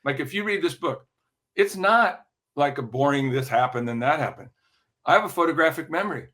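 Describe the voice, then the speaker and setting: An older man settles into a long story as a podcast guest, his voice sitting slightly high and carrying a crisp, forceful brightness. He circles back, repeats words as he restarts his sentences, and pauses to clear his throat as the tale unfolds. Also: animated. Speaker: podcast guest, music industry veteran. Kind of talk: casual interview storytelling.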